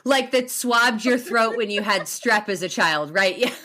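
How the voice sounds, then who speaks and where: A woman hosting a podcast interview, playful and joking with quick acted-out bits. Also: medium pitch, pushed and bright. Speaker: podcast host. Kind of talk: casual interview chat.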